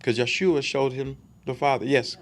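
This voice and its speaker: A man's voice: medium pitch, steady tone, moderate pace. A man giving a conversational Bible study sermon, emphatic and full of rhetorical questions for his listeners.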